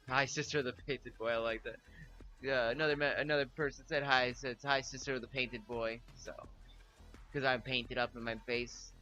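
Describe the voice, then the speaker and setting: Young male streamer, rambling casual chat, bright tone, faint music behind. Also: mid-range voice, fairly even intonation, a little slow, pauses often, lo-fi sound. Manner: rambling, heavy filler words, laughs often. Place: home room.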